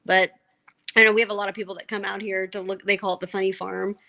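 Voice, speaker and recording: A woman's voice: mid-range voice, flat delivery, quick pace, gravelly, bright, forceful tone, low-quality recording. A woman chatting casually as a podcast guest, laughing often and trailing off into "I don't know". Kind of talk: casual chat.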